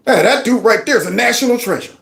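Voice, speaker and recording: A man's voice: extremely high pitch, expressive, fast talker, creaky, a bit bright. A man hosting a casual opinion commentary show, emphatic and given to repeating his phrases. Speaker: commentary channel host.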